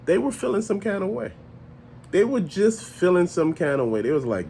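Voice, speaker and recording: A man hosting a casual vlog, ranting in an animated, profane, conversational way and often laughing as he talks. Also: high-pitched, moderate pace, gravelly, a little hiss or hum. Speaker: toy channel host.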